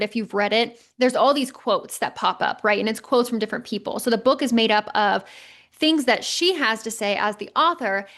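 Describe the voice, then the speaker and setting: A woman's voice: medium pitch, a bit bright. A woman in her thirties hosting a podcast, talking through a motivational monologue in an emphatic, conversational way with some mild swearing. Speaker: podcast host.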